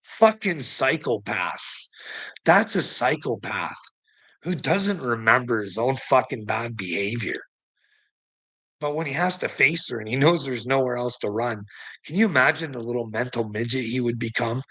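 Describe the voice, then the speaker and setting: A man's voice: medium pitch, expressive, normal speed, a bit bright, breathy edge. A weary man ranting in a profane monologue to the camera, swearing constantly and stammering through restarts. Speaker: vlogger.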